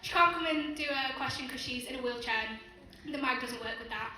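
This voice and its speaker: A woman's voice: high voice, brisk. A woman from Blackpool, nervously asking a question at a fan mic. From Blackpool, England. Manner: nervous, heartfelt. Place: convention hall audience mic. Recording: echoey hall from far off, crowd behind.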